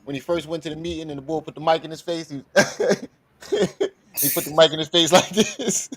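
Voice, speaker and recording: A man's voice: a little high, lively intonation, brisk, a bit bright. A man hosting a livestream, reacting to clips with casual commentary, laughing often and talking profanely. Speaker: livestream host.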